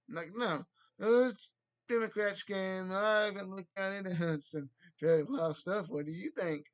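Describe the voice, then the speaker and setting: A man with a somewhat high-pitched voice delivers rambling solo commentary. He trips over his words and restarts often. Now and then he bursts into loud, mocking impressions. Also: unhurried.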